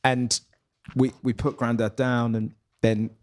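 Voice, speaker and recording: A man's voice: mid-range voice, level tone, takes it slowly. A man, a guest comedian talking in a reflective, musing way that often trails off and restarts. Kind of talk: casual conversation.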